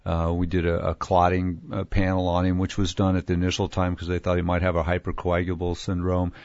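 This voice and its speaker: A Texan man, a physician co-hosting a radio health show, explaining cases in a relaxed way with many fillers. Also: sits low, fairly quick, no room sound, highs cut off. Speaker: physician co-host.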